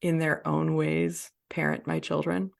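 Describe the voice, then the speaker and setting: A woman's voice: low-pitched, little pitch movement, measured pace, gravelly. A woman hosting a conversational podcast, talking reflectively and laughing often. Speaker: podcast host.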